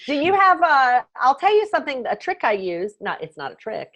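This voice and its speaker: A woman's voice: high voice, sing-song, fairly quick, fairly bright tone. A woman taking part in a coaching class, chatting candidly and sharing her own tips. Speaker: class participant. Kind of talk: casual group discussion.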